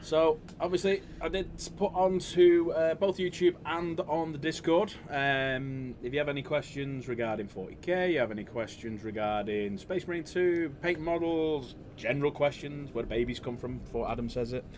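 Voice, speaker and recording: Jokey livestream host. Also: male voice, on the high side, moderate pace, few pauses, slight background noise. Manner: jokey, loud greetings, laughs often. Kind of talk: casual livestream chat.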